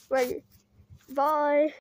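A woman's voice: high-pitched, little pitch movement, very slow, a little hiss or hum. A woman vlogging outdoors while climbing, rambling with many fillers and giggles, putting on a mock British-Australian accent. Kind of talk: casual rambling vlog.

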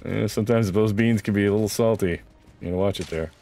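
A man runs casual commentary over his gameplay in a lowish voice. He cracks self-deprecating jokes as he plays. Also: fast talker, vocal fry, warm tone, faint music behind. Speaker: gaming video host.

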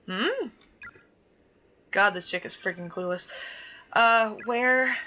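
A woman's voice: medium pitch, slow, pushed and bright, slight background noise, poor audio. A young woman playing a game and reading its dialogue aloud, chatty and dramatic, swearing casually as she reacts. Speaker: gaming YouTuber.

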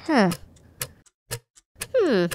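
Excitable high toy stick-figure host. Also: male voice, exaggerated voice. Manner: quick, excitable and exclamatory. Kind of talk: stop-motion cartoon hosting. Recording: loud music bed behind voice. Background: loud music and crowd noise.

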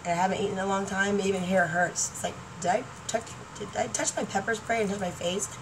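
A woman's voice: mid-range voice, fast. Chatty woman vlogging from a distance. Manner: chatty, excitable, laughing often, trailing off. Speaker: YouTuber. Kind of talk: rambling casual vlog chat. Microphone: laptop webcam mic. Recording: distant mic, faint room noise.

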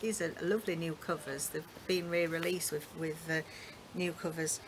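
Chatty British woman, slightly low voice, reads blurbs aloud; faint noise on the recording. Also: animated, moderate pace, darkish tone, low-quality recording. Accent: British English. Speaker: book vlogger. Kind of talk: casual book haul chat with read-aloud excerpts.

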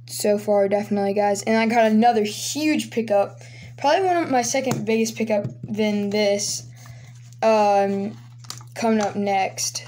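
A woman vlogging casually as she opens her mail, excitable and gushing, often dropping to a hushed, awed voice. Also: on the high side, a little hiss or hum. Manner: excitable, keeps saying "oh my gosh, guys", drops to hushed awe. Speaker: sports card collector vlogger. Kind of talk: casual unboxing vlog.

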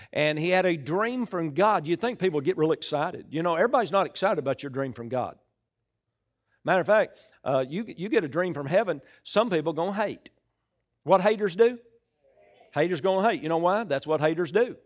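A middle-aged man delivers a lively sermon in a church. His voice sits a little high, and he calls out to the congregation, moving between loud bursts and hushed asides. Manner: lively preaching with call-and-response, swinging between loud and hushed. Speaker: pastor. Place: church sanctuary.

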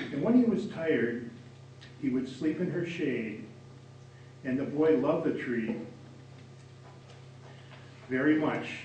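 A man narrating a children's story aloud at a reading, in a steady, measured way. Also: fairly high pitch, slight background noise. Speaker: reader. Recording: echoey room from far off.

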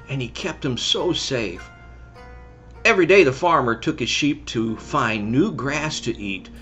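Bright-voiced enthusiastic male children's pastor. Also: mid-range voice. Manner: enthusiastic, praising and quizzing kids, then gentle storytelling. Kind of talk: lively children's church talk.

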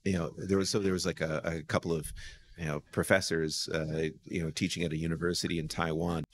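Deep-voiced American man, rambling storyteller. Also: a little fast. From United States. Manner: rambling, full of "you know" and restarts; animated storyteller. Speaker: guest, lawyer. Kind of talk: casual podcast conversation.

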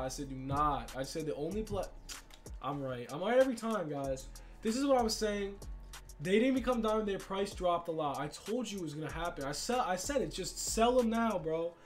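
Young man, high voice, excitable gaming commentary, slangy, faint music behind. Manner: hyped and slangy, swings between shouting and muttering. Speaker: gaming YouTuber.

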